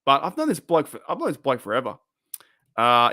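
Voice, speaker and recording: A man's voice: mid-range voice, huge pitch swings, fairly quick, pushed and bright, no echo, studio quality. A man hosts a casual livestream, rambling and swearing as he answers chat, his voice wearing thin. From Australia. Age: 30s. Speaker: livestream host.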